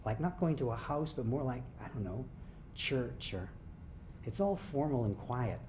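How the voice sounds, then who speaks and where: A man reading aloud as a grieving, impulsive young man who talks in halting, casual bursts. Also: mid-range voice, animated, a little mellow, slight background noise, close to an everyday voice. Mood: subdued. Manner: halting, conversational, swearing.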